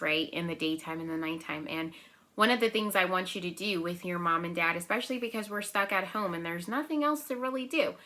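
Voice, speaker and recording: In a lowish voice, a young preschool teacher guides small children through a remote circle-time lesson. She stays gentle and encouraging, regularly checks in with "right?", and counts and claps out syllables at a slow pace.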